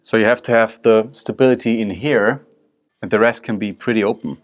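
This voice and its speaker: Male drum instructor, lowish voice, calm step-by-step walkthrough, loud music under it. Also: fairly quick. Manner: explains step by step while demonstrating on drums. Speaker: drum teacher. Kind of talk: instructional video lesson. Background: drum strokes and music.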